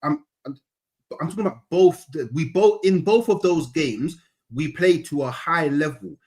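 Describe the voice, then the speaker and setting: Young co-host, measured, emphatic football argument, slightly raised pitch. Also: male voice, a little mellow. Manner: deliberate, spells out his argument slowly. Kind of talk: heated football debate.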